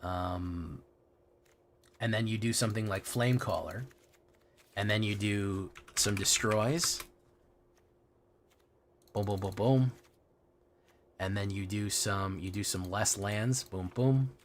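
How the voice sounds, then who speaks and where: A man's voice: fairly low pitch, steady tone, slow, fairly bright tone, a little hiss or hum. A man streaming a card game, chatting casually with his viewers, swearing freely and often restarting his sentences. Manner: casual and profane, restarts a lot. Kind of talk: casual livestream chat.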